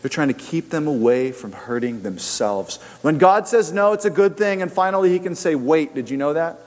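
Animated preacher in a reverberant hall. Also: male voice, fairly high pitch, moderate pace. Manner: animated, acts out voices of people in his stories. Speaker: pastor. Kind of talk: sermon.

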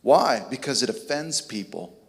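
A man's voice: medium pitch, lively intonation, moderate pace, big-room sound. A man preaching a sermon, emphatic and repeating key words for effect.

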